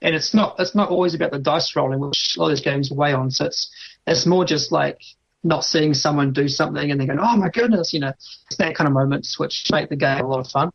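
A man with a New Zealand accent, a game designer talking casually and haltingly in an interview over an internet call. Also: fairly high pitch, creaky, dull audio. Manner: relaxed, halting with restarts.

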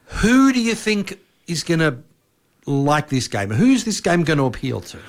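A man whose voice sits a little above the usual male pitch, casually comparing games. He feels his way through his questions with pauses and restarts. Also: very animated. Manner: questioning, hesitant. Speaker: podcast co-host. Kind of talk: casual chat.

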